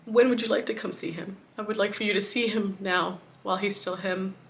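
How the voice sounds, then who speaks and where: A woman vlogger telling a personal story in grief, swinging between hushed words and a raised voice. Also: medium pitch, steady tone, fairly quick, vocal fry.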